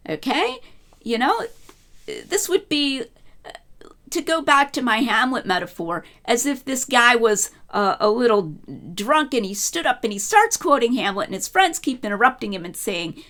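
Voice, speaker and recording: Animated middle-aged woman lecturing. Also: fairly high pitch, unhurried. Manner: animated, conversational, many fillers and restarts. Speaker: lecturer on biblical scholarship. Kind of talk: informal scholarly lecture.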